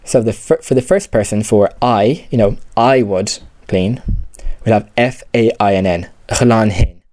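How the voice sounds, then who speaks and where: A patient language teacher, a man with a low-leaning, warm voice, walks through grammar step by step at a normal pace. He repeats key terms and fills his speech with "you know" and "okay." The recording is dry.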